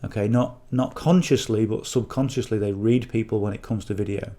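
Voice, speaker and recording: Speaking fairly quickly in a steady, fairly low, mellow voice, a middle-aged affiliate marketing coach with a northern English accent addresses the camera casually. He rambles, checking in with "okay?" and "you know" as he goes.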